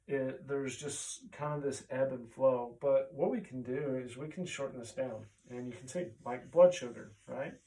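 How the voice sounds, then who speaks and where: A man's voice: mid-range voice, normal speed, hardly any pauses, warm tone. Male chiropractor, easygoing explainer tone, voice recorded somewhat far from the mic. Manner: conversational, often tags on "right?". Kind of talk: casual explainer talk.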